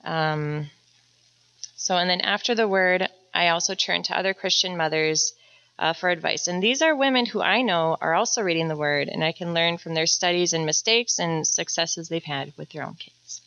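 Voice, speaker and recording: Earnest mom talking at church, bright voice, lots of ums, dull lo-fi sound. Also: female voice, lowish voice, moderate pace, smooth. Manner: earnest, gentle, with many fillers and soft laughs. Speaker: mother sharing a testimony. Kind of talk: prepared talk to a church group.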